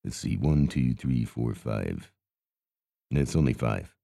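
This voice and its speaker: Man doing a carnival cotton candy vendor, hapless and grumbling, very dark heavy voice, dry close sound, mumbled stammering delivery with groaning sighs. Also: very deep voice, lively intonation, measured pace, creaky, no room sound, exaggerated voice. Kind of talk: improvised character monologue.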